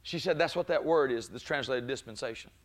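A man preaching a sermon, moving between calm teaching and loud exclaiming peaks, often breaking in with praise. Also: mid-range voice, brisk. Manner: frequent "glory be to God" interjections.

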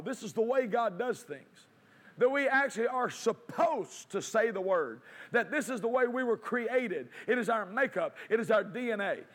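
A man's voice: high voice, fairly bright tone. A man preaching a sermon, quoting scripture and answering his own questions with rising emphasis.

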